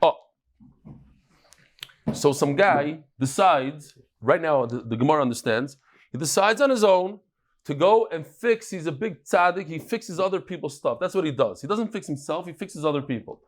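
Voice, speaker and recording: A man, teaching a daily Talmud class in a lively, joking way, acting out the quotes he reads. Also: a little high, normal speed.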